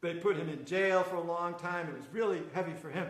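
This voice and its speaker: Older American man, excitable storyteller, high voice, echoey room. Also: fairly quick. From United States. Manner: excited, acts out quoted voices. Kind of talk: casual storytelling conversation.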